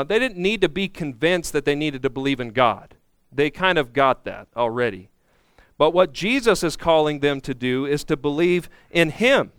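A man's voice: on the high side, fairly bright tone, clean tone, dry recording, studio quality. A man preaching an expository sermon as pastor, earnestly teaching and acting out the speakers in the passage.

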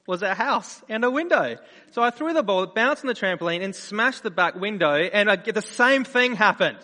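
A man preaching a sermon, earnest in his appeals and animated when he tells personal stories. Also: a little high. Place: church. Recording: reverberant church hall.

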